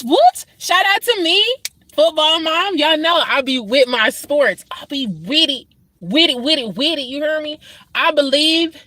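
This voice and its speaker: A woman hosting a reaction video, talking casually and profanely, mocking people loudly and then sighing tiredly about her kids' football season. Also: sits high, no echo. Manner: brash, profane, swings between loud mockery and tired sighs. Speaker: football mom.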